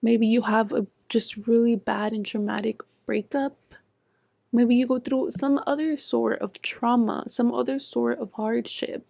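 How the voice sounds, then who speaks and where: A young woman talking through a self-help podcast episode in an earnest, frank way, cursing freely and sometimes slipping into a whisper to stress a point. Her voice sits a little high yet sounds mellow and gravelly. The recording is dry, with no room sound. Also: dry recording. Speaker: podcast host.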